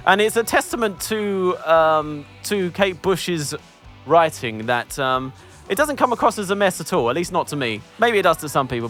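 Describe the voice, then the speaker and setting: A man's voice: a little high, a bit bright. A man reviewing an album in casual group chat, enthusiastic and rambling, with many fillers.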